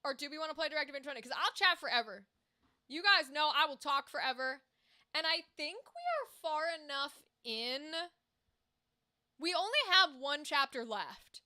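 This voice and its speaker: An American woman chats on a livestream in a high voice with a bright, sharp edge. She is animated and talkative, reads viewer comments aloud and swears without a second thought. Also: normal speed. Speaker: streamer. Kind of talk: casual livestream chat.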